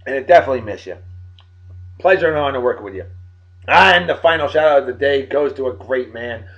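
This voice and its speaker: A tired man giving joking, animated shout-outs to friends in a casual vlog. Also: mid-range voice, fairly quick. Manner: animated, joking sports banter. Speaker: vlog host. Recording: dull lo-fi recording.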